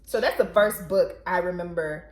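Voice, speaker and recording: A woman co-hosting a book channel, chatting casually and telling rambling, animated stories. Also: on the low side, moderate pace, roomy sound, a crowd in the background.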